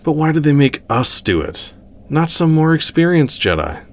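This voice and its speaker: A man's voice: fairly high pitch, very animated, moderate pace, voice pushed up. A man voicing a complaining young female Jedi apprentice. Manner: whiny, complaining.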